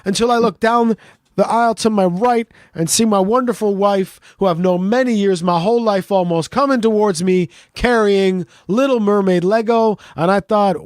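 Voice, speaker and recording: High-pitched dude cohosting a podcast, dry close mic, animated and sweary, middle-aged. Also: male voice, no room sound. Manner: animated storytelling, swears freely. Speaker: podcast co-host. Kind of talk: casual podcast banter.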